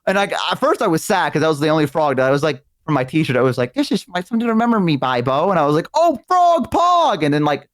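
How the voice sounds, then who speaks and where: A man from the American South telling stories in casual chat, animated and profane, acting out the other people in them. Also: fairly high pitch, fast talker, few pauses, dry recording, studio quality. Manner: animated, profane, acts out quoted voices. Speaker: streaming guest.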